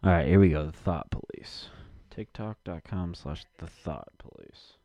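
Low-voiced man cursing and muttering. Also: moderate pace, dark tone. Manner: profane, muttering to himself. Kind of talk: casual rambling commentary. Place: basement.

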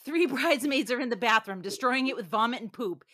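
A woman's voice: a little high, animated, a little fast, bright, forceful tone. A woman co-hosting a movie podcast, reading out a scene summary in an amused way, with small laughs. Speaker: podcast co-host.

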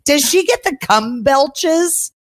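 A woman's voice: sits high, lively intonation, slow pace, no echo, studio quality. Crude, laughing woman podcast host. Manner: crude, laughing, swears a lot. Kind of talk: raunchy casual chat.

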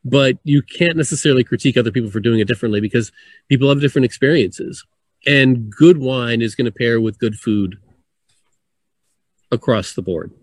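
Male co-host, mid pitch, easygoing and chatty, dry close recording. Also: a little fast, no echo. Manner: relaxed, chatty, laughs between points. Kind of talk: casual conversation.

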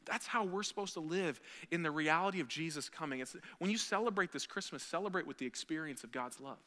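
A male pastor preaches in a church with a long, ringing hall reverb. His voice is strikingly bright and a touch high for a man. He talks earnestly and swells into loud, emphatic peaks. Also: quick pace. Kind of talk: sermon. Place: church sanctuary.

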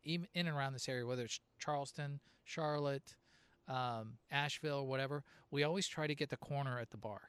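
A man's voice: medium pitch, fairly quick, a bit bright, smooth, no echo. Chatty middle-aged man host, dry sound. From Southern California. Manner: chatty storyteller, laughs often. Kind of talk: casual chat.

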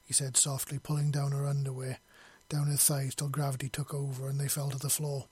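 A man's voice: medium pitch, monotone, a little fast, few pauses, breathy edge, dry recording. A man reading a long fantasy story aloud in an unpolished way, with slips and self-corrections. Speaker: story reader. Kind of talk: reading his own fiction aloud.

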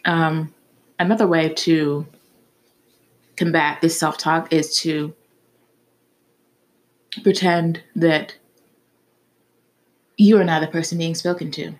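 A woman's voice: sits low, flat delivery, slow, pauses often. A woman hosting a casual solo podcast, talking candidly and frankly and swearing now and then. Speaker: podcast host.

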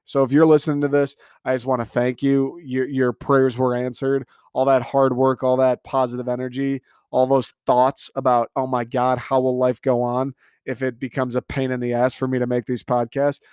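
A man's voice: medium pitch, flat delivery, normal speed, a little mellow, smooth, dry recording, clean studio sound. A man in his twenties hosting a casual solo podcast, rambling and sarcastic with self-mocking asides, and bothered by hiccups. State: has the hiccups. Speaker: podcast host.

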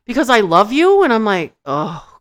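A woman's voice: medium pitch, very animated, normal speed, noisy background. A woman on a podcast telling a funny story in casual chat, acting out quotes, laughing often and swearing. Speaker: podcast co-host.

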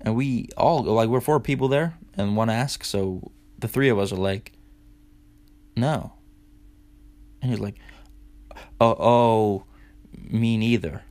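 A man's voice: mid-range voice, slow, pauses often, a little mellow. A young man hosting a podcast, telling a loose, profane story in casual talk, full of "dude" and "like". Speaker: podcast host.

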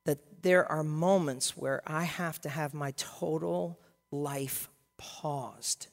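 A pastor preaching a sermon in a lively, humorous way, acting out little scenes. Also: male voice, on the high side, big-room sound.

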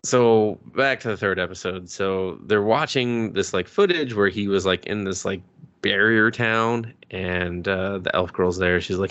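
A man casually recapping an anime episode on a podcast, excited and rambling, laughing often and swearing a lot. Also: fairly low pitch, moderate pace. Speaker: podcast co-host.

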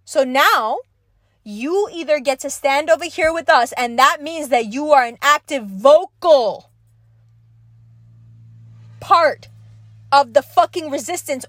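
A young woman with a high voice launches into a furious podcast rant, emphatic and full of swearing. She drives each point home by repeating it, and the recording is close and dry. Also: no echo. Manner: angry, emphatic, profane, repetitive. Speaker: podcast host. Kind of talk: impassioned monologue.

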